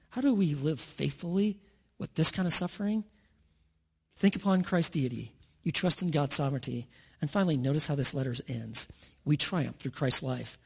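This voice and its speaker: A man preaching a sermon, earnest, with dramatic pauses and rising emphasis. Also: high voice, vocal fry, slightly rough. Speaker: pastor.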